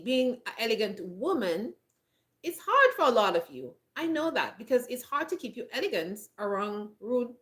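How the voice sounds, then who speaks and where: Her voice sits fairly high and sounds a bit bright. She's a homestead vlogger in the countryside, delivering direct-to-camera advice bluntly and emphatically, often laughing, with a frog in her throat.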